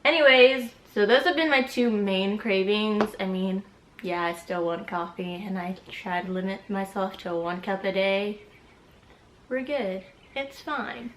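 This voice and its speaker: A woman's voice: mid-range voice, measured pace, fairly bright tone, slight background noise. A woman in her twenties chatting casually and giggling in a pregnancy update vlog, a little out of breath. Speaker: vlogger. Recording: echoey room.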